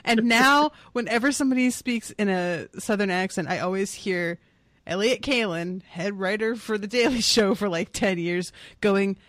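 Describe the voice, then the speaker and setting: A podcast co-host chatting casually about a book, animated and joking with playful asides. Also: medium pitch, normal speed, dry recording. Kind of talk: casual book discussion chat.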